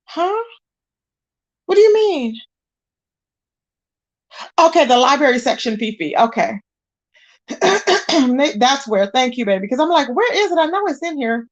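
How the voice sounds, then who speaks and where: A woman's voice: high-pitched, sing-song, measured pace, pauses often. A woman hosting a casual livestream, greeting viewers and chatting while she searches her screen. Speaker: livestream host.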